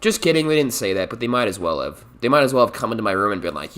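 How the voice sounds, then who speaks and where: A young man telling a comic story about his life, profane and animated, acting out the people in it. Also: medium pitch, fairly quick, few pauses. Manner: animated, profane, acts out quoted voices. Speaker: storytime YouTuber. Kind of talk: comedic storytime monologue.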